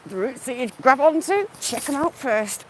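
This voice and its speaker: A woman's voice: high-pitched, lively intonation, moderate pace, poor audio. Chatty woman on a riverside walk. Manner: chatty, greeting viewers by name. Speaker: vlogger. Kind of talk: casual live-stream walk chat. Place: outdoors by a wooded river. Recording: faint outdoor background noise.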